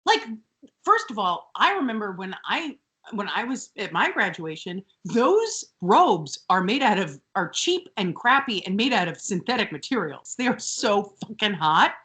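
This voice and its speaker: A woman co-hosting a podcast, chatting casually and telling stories with animated put-on voices for the people she quotes. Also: mid-range voice, measured pace. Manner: animated storytelling, acts out quotes in other voices. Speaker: podcast co-host. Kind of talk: casual chat.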